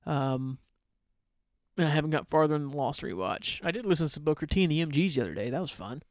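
A man's voice: on the high side, lively intonation, quick pace, dry recording, clean studio sound. A man hosting a casual solo podcast, rambling loosely, swearing offhand and often trailing off. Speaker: podcast host.

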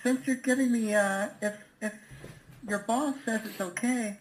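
A man's voice: high-pitched, steady tone, unhurried, low-quality recording. A man putting on a giggly nervous young woman. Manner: giggling, hesitant, lots of ums.

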